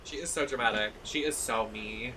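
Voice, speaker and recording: Bright-voiced man fretting through gameplay. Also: medium pitch, moderate pace, slight background noise. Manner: anxious, dramatic exclamations. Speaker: streamer. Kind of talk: live gameplay commentary.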